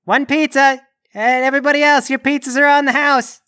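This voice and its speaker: A man's voice: sits high, lively intonation, fast talker, pushed and bright, no echo, clean studio sound. A man voicing a chatty, easygoing male cashier at a pizza joint, talking casually with slang. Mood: uneasy.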